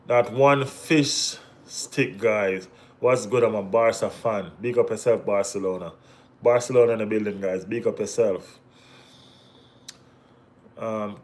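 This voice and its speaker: Jamaican man, fairly low voice, streamer reading chat aloud, easygoing banter with playful teasing. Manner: laid-back banter with Caribbean slang, bursts of excited teasing. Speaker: football watch-along host. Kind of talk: casual live-stream chat reading viewer comments.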